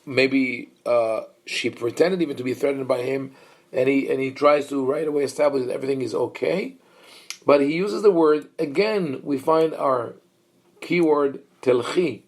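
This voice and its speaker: A man's voice: medium pitch, moderate pace. A man, a rabbi, leading a Bible study lecture in a thoughtful, explanatory way, with many fillers and restarts and questions to his listeners. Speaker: rabbi teaching a class.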